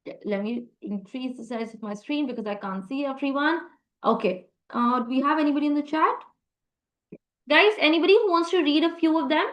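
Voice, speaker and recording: A woman's voice: high-pitched, fairly quick, reverberant, dull audio. A woman teaching a live online French class, encouraging students and praising them often. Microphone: video call.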